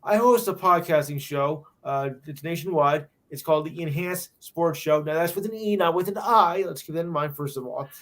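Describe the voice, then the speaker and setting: A man's voice: on the high side, moderate pace, hardly any pauses. A man who hosts a podcast, promoting it in a casual chat, hesitant with many fillers. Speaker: podcast host.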